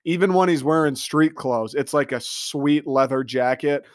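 A man delivering an excitable, profane comedic rant monologue, riffing with mock quotes. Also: on the high side, normal speed, dry recording, studio quality. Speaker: comedic commentator.

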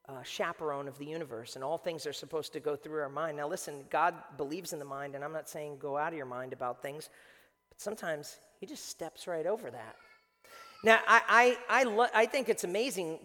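High-voiced male preacher in a big hall. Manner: animated storytelling with casual fillers. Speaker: pastor. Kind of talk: sermon. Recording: long hall reverb.

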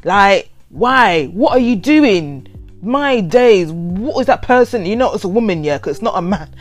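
A woman, casually reading out and reacting to overheard quotes, animated and given to laughing and playful drama. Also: medium pitch, a little slow, soft background music. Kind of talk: casual chatty commentary.

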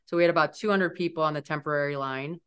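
A woman in her forties speaks as a podcast guest with a fairly low voice. She tells her stories in an animated, lively way. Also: quick pace, smooth. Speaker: interview guest. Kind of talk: storytelling in an interview.

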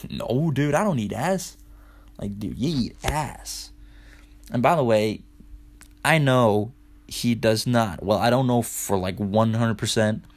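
Young male podcast host, slightly low voice, relaxed profane storytelling, lots of "dude". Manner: loose and profane, heavy on "dude" and "like". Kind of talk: casual storytelling monologue.

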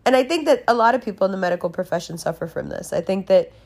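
A woman's voice: mid-range voice, expressive, racing, a little mellow. A young woman talking candidly in a casual monologue, swearing freely and laughing as she tells a personal story.

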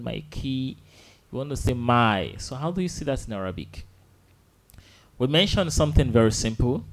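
A man teaching an Arabic lesson, drilling simple phrases slowly and patiently and asking students to repeat after him. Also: on the low side. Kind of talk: online language lesson.

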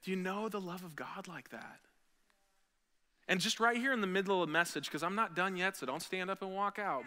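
A man preaching a sermon as a pastor, earnest and building to loud, emphatic peaks. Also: high-pitched, a little fast, long pauses. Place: church sanctuary. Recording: long hall reverb.

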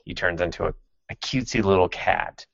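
A very low-pitched man hosts a podcast in a loose, sardonic chat, swearing freely and laughing as he goes. His voice is close and dry, without room echo. The audio is slightly dull and lo-fi. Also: fairly quick, vocal fry, breathy edge. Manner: sardonic and profane, with frequent laughs. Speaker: podcast host. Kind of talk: casual chat recapping an anime.

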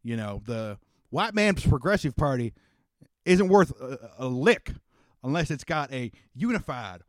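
A man putting on a booming middle-aged father who works a crowd like a stump politician, in a drawl with a folksy, rousing delivery. His voice rides higher and louder than an everyday talking voice, pushing out over the room. The recording is dry and close, with almost no room sound. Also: very animated, a little slow, no room sound.

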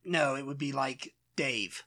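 A woman's voice: rumbling low, sharp tone. A British woman co-hosting a podcast, playful in casual chat. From Britain. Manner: playful, does quick voice bits. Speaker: podcast co-host.

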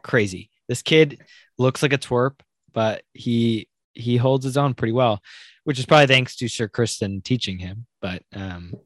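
A man in casual chat, excitedly retelling scenes from a fantasy series and rambling with frequent asides. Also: medium pitch, moderate pace, no echo. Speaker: podcast co-host. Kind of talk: casual show recap chat.

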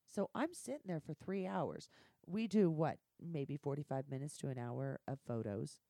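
A woman's voice: low voice, moderate pace, no room sound, studio quality. A woman telling candid, profane stories from her work in a casual podcast conversation. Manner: blunt, profane, animated storytelling. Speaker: guest.

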